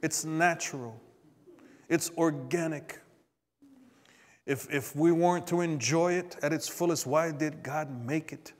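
A man delivers a sermon at a slow, deliberate pace, drawing out his words. His voice sits a little high for a man and alternates between hushed asides and forceful, emphatic climbs. He calls out to the congregation for responses, and a long reverb trails each phrase as it rings through a church sanctuary. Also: steady tone. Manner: dynamic preaching, swinging from quiet asides to emphatic rises. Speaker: preacher.

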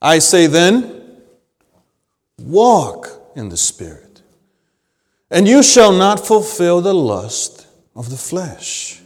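A male pastor preaching a sermon, swinging between loud emphasis and hushed, low phrases. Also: big pitch swings, extremely slow, long pauses. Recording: long hall reverb.

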